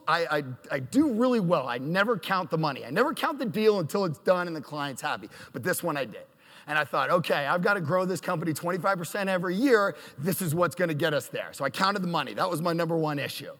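A man in his thirties tells a self-deprecating story before a live audience. He acts out quotes with animation, and his high voice rings through a reverberant hall. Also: a bit bright. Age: 30s. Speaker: storyteller on stage.

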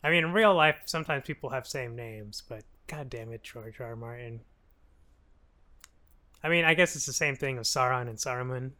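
A man co-hosting a podcast, recapping a TV show in casual chat, laughing often and acting out characters in quick quoted lines. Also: mid-range voice, sharp tone. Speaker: podcast co-host.

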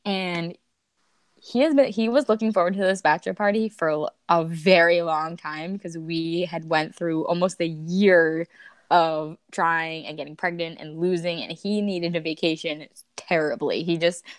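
A woman's voice: on the low side, moderate pace, no echo. A woman in her thirties, a podcast guest, candidly and emotionally retelling a personal story with bursts of laughter.

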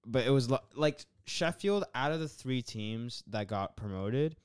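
Chatty man, smooth voice, dry close mic. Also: medium pitch, expressive, measured pace, no echo. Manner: chatty, rambling, lots of fillers and laughs. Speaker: podcast co-host. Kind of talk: casual football chat.

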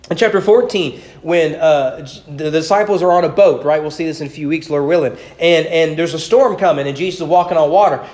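A male pastor preaching a sermon in church, animated, with rhetorical questions and repeated words. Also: high-pitched. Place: church sanctuary.

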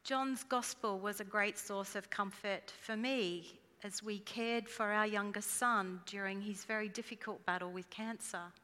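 A woman preaching a sermon in an earnest, measured way, dropping her voice at solemn lines. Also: medium pitch, steady tone, sharp tone, in a large hall.

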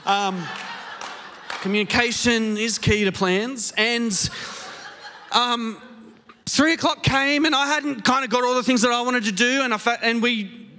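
A man with an Australian accent preaching a sermon, telling a story in an animated, self-mocking way on a stage microphone in a church auditorium. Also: very high-pitched, a little slow, pauses often. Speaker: pastor. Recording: long hall reverb.

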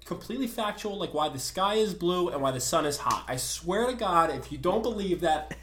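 A man with a South Jersey accent, co-hosting a podcast in casual chat, telling a story in a loud, ranting, swearing way. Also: sits high, animated, a little fast, roomy sound, slight background noise. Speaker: podcast co-host.

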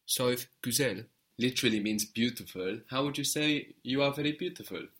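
A man's voice: mid-range voice, fairly quick, a bit bright. A man teaching a language lesson, patiently modeling words and encouraging the learner.

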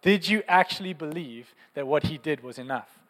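Man, sermon, earnest and conversational, slightly raised pitch, long hall reverb. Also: lively intonation, normal speed, a bit bright. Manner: earnest, passionate, conversational preaching with repeated phrases. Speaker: preacher. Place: church.

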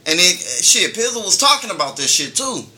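A man's voice: high voice, sing-song, brisk, a crowd in the background. A man co-hosting a casual talk show, telling a long story in a laid-back, profane way and laughing often. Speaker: podcast co-host.

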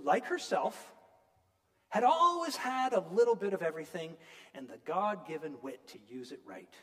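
A man preaching a sermon, retelling a story in an animated, emphatic storytelling manner. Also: high voice, moderate pace, long reverb tail.

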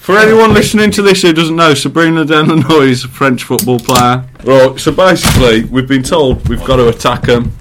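A man's voice: medium pitch, fairly quick, hardly any pauses, a bit bright, slight background noise, rough recording. A man hosting a joking casual chat with friends, laid-back. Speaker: host.

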